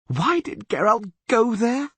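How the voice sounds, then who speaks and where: A man voicing a fretful young bard in an audiobook, shouting frantically. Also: high voice, wildly swooping pitch, normal speed, slightly rough, no echo, pitched above the performer's own voice, heavily acted. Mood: anguished. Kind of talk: audiobook character voice.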